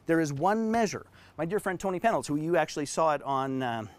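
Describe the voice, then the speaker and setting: A man giving an online business training session in an emphatic, animated way while drawing diagrams. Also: on the high side, brisk. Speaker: business coach.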